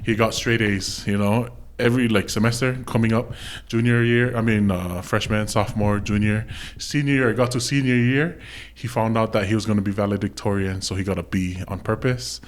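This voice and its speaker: A man's voice: lowish voice, steady tone, brisk, slight background noise. Laid-back man hosting a podcast. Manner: laughs often, short agreeing replies. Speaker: podcast host. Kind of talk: casual chat.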